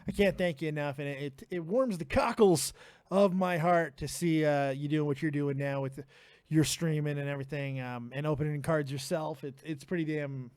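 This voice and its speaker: High-voiced excitable male stream host. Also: moderate pace, clean tone, dry recording. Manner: laughs often, swears freely, excitable. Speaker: livestream host taking calls. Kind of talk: casual live call-in chat.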